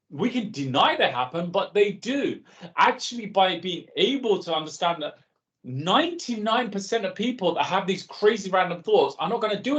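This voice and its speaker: A man's voice: on the high side, lo-fi sound. A man leading an online workshop in a chatty, conversational way and calling on participants by name. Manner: lively and conversational, calls on participants. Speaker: workshop facilitator.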